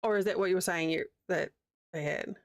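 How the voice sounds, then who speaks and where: A woman's voice: fairly low pitch, a little fast, no echo, studio quality. A young woman with a New Zealand accent, chatting casually with her livestream audience while she crochets, rambling and answering chat as she goes. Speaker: streamer.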